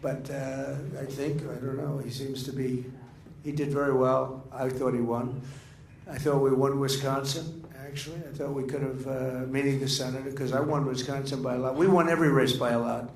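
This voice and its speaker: A man's voice: mid-range voice, fairly even intonation, moderate pace, darkish tone, a little hiss or hum. An older man giving a rambling, off-the-cuff speech at a dinner, full of fillers and restarts. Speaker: political speaker. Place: dinner event in a large room. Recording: echoey room with faint ambience.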